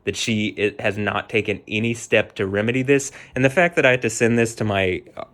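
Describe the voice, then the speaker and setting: A man's voice: on the low side, a little fast, a bit bright. A man vlogging an agitated, heated rant, shaking with anger and repeating himself. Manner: agitated, heated, repetitive, swearing. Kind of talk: angry personal rant to camera.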